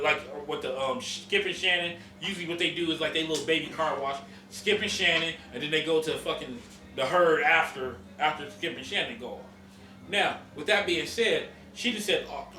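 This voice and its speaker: A man's voice: fairly high pitch, bright, forceful tone, reverberant, distant mic, a little hiss or hum. A man hosting a podcast, ranting in heated casual chat, profane and emphatic. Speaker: podcast host.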